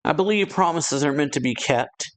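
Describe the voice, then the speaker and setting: A man's voice: fairly high pitch, animated, moderate pace, pitched above the performer's own voice, natural voice. A man reading out the lines of a brash, defiant pirate captain in a raised, taunting voice.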